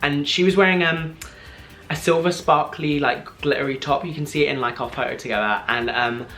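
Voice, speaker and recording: A young man in his twenties, excitedly retelling a personal story on his vlog, full of "like" and quoted back-and-forth. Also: on the high side, a little fast, soft background music. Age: 20s. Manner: gushing, breathless retelling full of "like" and "I was like". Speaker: vlogger.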